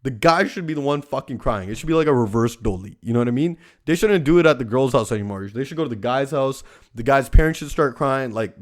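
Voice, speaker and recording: A man's voice: mid-range voice, animated, fast talker. A young man hosting a casual podcast monologue, ranting with lots of swearing and "like" fillers. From Canada. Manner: profane ranting, heavy use of "like". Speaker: podcast host.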